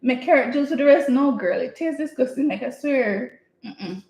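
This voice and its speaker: A woman's voice: sits high, lively intonation, moderate pace, creaky, warm tone. Chatty woman baking in an echoey kitchen. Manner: chatty, rambling storyteller with laughs. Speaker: home cook vlogger. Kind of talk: casual live-stream chat while baking. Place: home kitchen. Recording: echoey room, faint noise.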